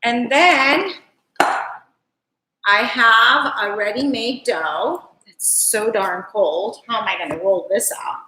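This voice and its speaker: A woman's voice: a little high, lively intonation, takes it slowly, sharp tone, a little hiss or hum. A woman hosting a live cooking stream from her home kitchen, chatting fondly and rambling to her viewers as she works. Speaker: cooking show host. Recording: echoey kitchen.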